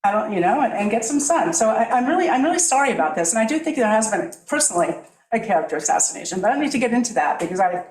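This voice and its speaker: A woman's voice: a little high, very animated, rapid-fire, echoey room, rough recording. A middle-aged woman making an emotional, rambling, apologetic public comment at a podium in a town meeting room. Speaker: homeowner speaking at a public hearing.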